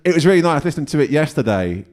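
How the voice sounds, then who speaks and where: Man, podcast host, casual interview, jokey, lively pitch. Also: rapid-fire. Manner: chatty and jokey, with mild swearing.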